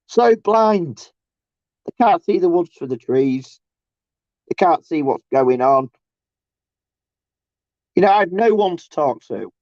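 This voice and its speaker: A man's voice: darkish tone, dry recording. Rambling man, dull lo-fi sound. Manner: halting, restarts often, mocks others in sarcastic high bursts. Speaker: livestreamer. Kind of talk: rambling casual livestream rant.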